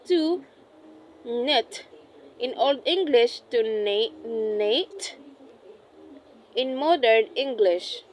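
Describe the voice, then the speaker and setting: A young woman, a student, reading a class report aloud, carefully and deliberately, often correcting herself mid-phrase. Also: a little high, a little hiss or hum, poor audio. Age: young adult. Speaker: student presenting an assessment.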